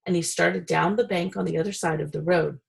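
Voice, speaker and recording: Gravelly woman reading a storybook. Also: fairly low pitch, steady tone, a little fast, low-quality recording. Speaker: reader.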